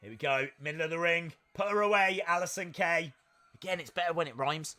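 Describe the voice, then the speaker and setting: A man hosting a live wrestling watch-along stream, commenting in a jokey, excitable way and breaking into shouts at big moments. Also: a little high, a little fast, clear, resonant tone.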